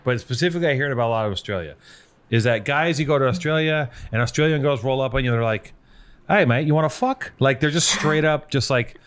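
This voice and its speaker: A male podcast host chats at a fast clip and jokes around freely. He swears casually and spins out long riffs on hearsay. His pitch sits in an ordinary middle range. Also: fairly bright tone, clean tone.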